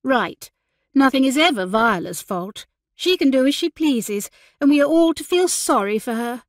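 A woman's voice: very high voice, animated, takes it slowly, fairly bright tone, no echo, studio quality, voice pushed up, exaggerated voice. A woman voicing a quarrelsome young woman who complains indignantly about her twin sister.

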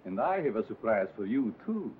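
An actor playing a suave, cold-blooded gang boss in a 1940s film, speaking with measured, formal diction. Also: male voice, lowish voice, very animated, a crowd in the background. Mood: tender. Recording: tinny old film soundtrack with hiss.

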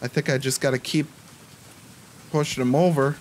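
In this let's-play clip, a young man keeps up nervous, chatty self-talk while working through a horror game. He speaks at normal speed in a medium, steady voice, with faint music and slight background noise in the recording.

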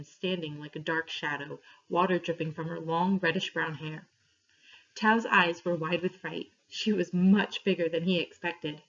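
A woman reading a story aloud to her class, clear and steady, pausing for questions. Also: lowish voice. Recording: dull lo-fi recording.

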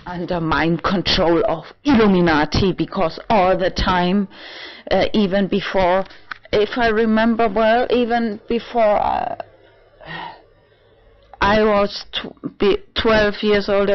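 Slow, halting woman, muffled home recording. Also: mid-range voice. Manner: halting, many restarts and fillers, swings into swearing and emotional outbursts; non-native English phrasing. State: tipsy. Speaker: vlogger. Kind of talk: rambling personal monologue. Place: own apartment.

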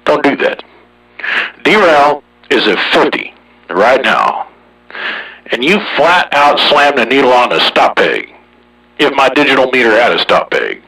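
A man talking casually over a CB radio, boastful and folksy, with a slow drawl. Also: mid-range voice, sing-song, sharp tone, breathy edge, far from the mic, rough recording. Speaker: CB radio operator hosting the channel.

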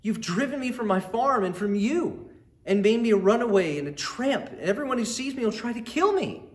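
A man's voice: mid-range voice, very animated, normal speed, natural voice. Cain, a man voicing a bitter jealous young man. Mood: anguished. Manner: sulky and defiant, turning panicked and anguished. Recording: roomy echo.

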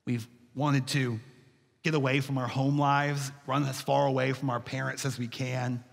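Folksy pastor in a reverberant church. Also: male voice, medium pitch, little pitch movement, moderate pace, gravelly. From Texas. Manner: storytelling, folksy, addresses congregation as y'all. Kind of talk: sermon. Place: church sanctuary.

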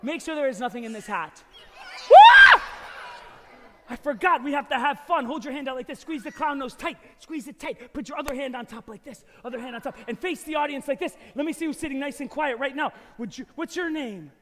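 Quick and with few pauses, a very high-pitched, slightly bright voice belongs to an American magician. He's on a concert hall stage, music playing, running a playful family show and getting the audience to join in call-and-response with his kids' patter.

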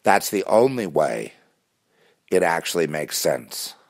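Man, very low voice, rambling spiritual monologue, intense, repeats himself. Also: sing-song, slow pace. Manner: intense, repetitive, many restarts and fillers.

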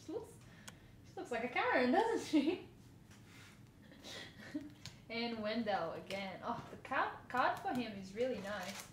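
A woman's voice: a little high, expressive, measured pace, long pauses. A woman chatting casually through a card unboxing, giggling and squealing over cute cards. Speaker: vlogger. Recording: echoey room, faint noise.

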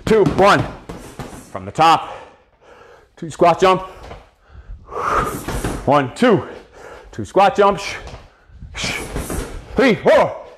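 A man's voice: high voice, sing-song, drawn-out words, long pauses, a little hiss or hum. A man coaching a live boxing cardio workout, counting reps and giving profane pep talks.

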